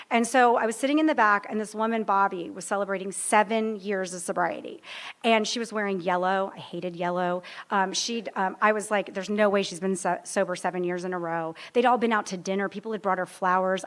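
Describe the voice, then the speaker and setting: Her voice sits in the mid-range with a fairly bright tone as she recounts her life to a live recovery-meeting audience. She's in her fifties, pokes fun at herself, jokes a lot, and wanders off track easily.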